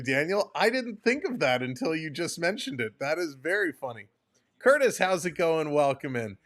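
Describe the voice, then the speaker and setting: A man's voice: on the high side, a bit bright. Chatty male live stream host. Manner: chatty, rambling, talks straight to viewers. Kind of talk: casual play-by-play and chat reading.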